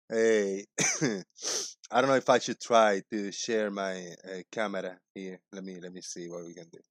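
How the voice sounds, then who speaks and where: A man's voice: deep voice, fairly even intonation, a little slow, pauses often, dry recording. A man hosting a live chat stream, upbeat and greeting his viewers one by one by name. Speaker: livestream host.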